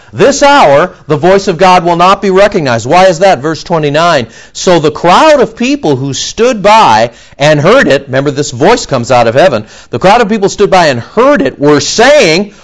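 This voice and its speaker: A male pastor delivers a sermon with a lively, swinging pitch that sits a little high for a man. He works through a scripture passage and keeps breaking into quick acted asides in the voices of the crowd.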